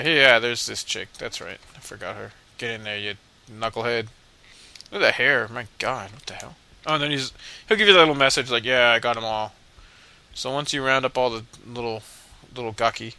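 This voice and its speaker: A man narrates his own game playthrough in a loose, rambling way, full of fillers and irreverent asides. His voice is bright and has some edge to it. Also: mid-range voice, creaky. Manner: rambling, mumbling, lots of fillers; joking, irreverent. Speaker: video game commentator. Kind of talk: casual let's play commentary.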